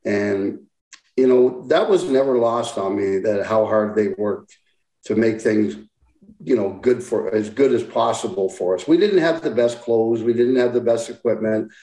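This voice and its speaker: Mellow-voiced man in his sixties, echoey. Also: fairly low pitch. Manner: plain-spoken, halting, reflective. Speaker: interview guest, former hockey player. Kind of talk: casual interview talk.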